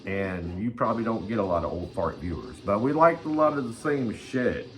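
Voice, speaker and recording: A man's voice: fairly low pitch, expressive, moderate pace, faint music behind. An older man hosting his own channel, ranting crudely and swearing constantly in a rambling vlog. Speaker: channel host. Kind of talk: rambling profane vlog rant.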